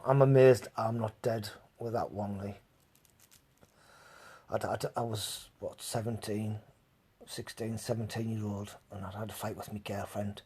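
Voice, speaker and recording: A man's voice: on the low side, fairly even intonation, unhurried, long pauses, mellow, slightly rough. A man hosting a live stream, telling rambling stories to his chat, laughing often and swearing freely. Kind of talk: casual storytelling to live chat.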